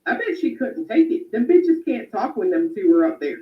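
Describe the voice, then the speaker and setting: A woman's voice: on the high side, sing-song, moderate pace. A woman reads super chats on a casual stream and comments with blunt, profane mockery. Her voice comes through roomy and dull, like lo-fi audio. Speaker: co-host reading super chats.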